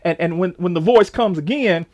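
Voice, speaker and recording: A man preacher voicing an elderly male priest who speaks in a hushed, halting way. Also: high voice, voice pushed down, natural voice.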